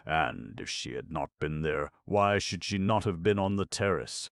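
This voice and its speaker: A man narrating a comic novel as an audiobook in a measured storytelling manner. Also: low voice, lively intonation, gravelly, dry recording, studio quality. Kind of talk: scripted narration.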